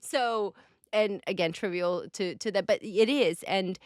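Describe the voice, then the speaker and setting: A woman hosting a podcast talks in a chatty, rambling way, full of playful asides and quick tangents. Her pitch sits in a middle range. The sound is dry and close, with no room echo. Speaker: podcast host. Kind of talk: casual chat.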